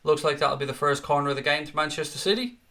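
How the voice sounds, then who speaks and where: Sweary, excitable Scouse fan commentator. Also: male voice, on the high side, fast. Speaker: watchalong host and fan commentator. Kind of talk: live fan commentary and chat reading.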